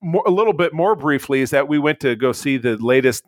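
A man's voice: fairly high pitch, lively intonation, a little fast, dry recording. Guy ranting about a bad movie to his cohost, rambly, lots of uh and um, dry sound. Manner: rambling, blunt, with frequent fillers and restarts. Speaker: podcast co-host, movie reviewer. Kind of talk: casual chat.

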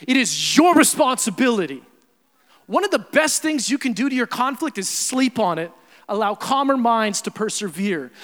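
High-voiced man preaching in a reverberant hall. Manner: animated, swings between loud emphasis and quiet asides. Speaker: pastor. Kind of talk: sermon.

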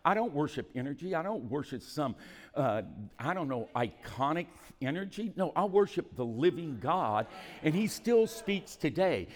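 A male pastor preaching a sermon, moving between calm scripture reading and loud, shouted exhortation in a church. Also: on the high side, normal speed, long reverb tail. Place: church hall.

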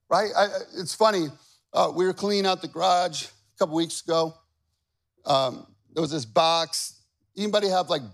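A man in his forties preaching a sermon in a chatty, self-deprecating way, often asking the crowd questions. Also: sits high. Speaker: pastor. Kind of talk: sermon with personal stories.

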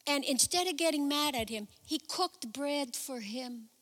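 A woman preaching a sermon, retelling a Bible story in a chatty, animated way with personal asides. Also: sits high, a little slow. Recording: reverberant hall.

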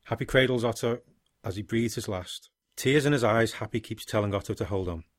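Podcast co-host, man, steady narrator, dry booth sound. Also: lowish voice, brisk, no echo. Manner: steady storytelling, dry laughs, short agreeing replies. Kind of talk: casual chat, narrating a made-up story ending.

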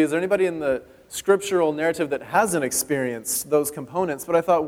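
A male pastor from California reads Scripture and preaches at a quick clip, breaking off into chatty asides along the way. His voice sits a little higher than most men's. It carries a long hall reverb, as if the sermon was recorded in a large church sanctuary. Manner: fast-talking, conversational asides while reading.

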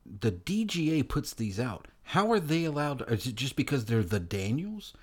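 A man's voice: medium pitch, big pitch swings, moderate pace, slightly rough. A man co-hosting a podcast in casual chat, rambling and laughing, swearing casually. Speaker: podcast co-host.

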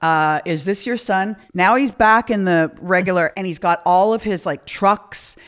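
A woman in relaxed conversation, sharing frank personal stories. She slips into the voices of the people she quotes and keeps an easy, mid-range pitch. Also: a little slow. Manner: candid storytelling with acted-out quotes. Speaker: podcast guest. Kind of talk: casual chat.

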